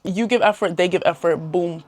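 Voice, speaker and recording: A woman's voice: lowish voice, moderate pace, darkish tone, no room sound. A young woman giving casual, chatty advice to camera in a slangy way. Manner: chatty and slangy, laughs often. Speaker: self-improvement vlogger.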